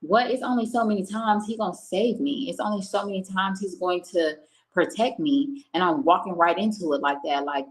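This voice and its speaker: A young woman with a medium-pitched voice talks at a moderate pace in a casual stream chat, recounting a personal experience candidly and emotionally while swearing freely. The home-setup recording is rough.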